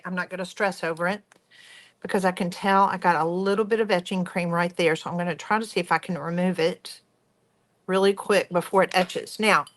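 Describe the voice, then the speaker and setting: Chatty woman teaching crafts. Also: mid-range voice. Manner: chatty, enthusiastic, talks to viewers directly. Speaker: craft workshop host. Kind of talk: hands-on craft tutorial.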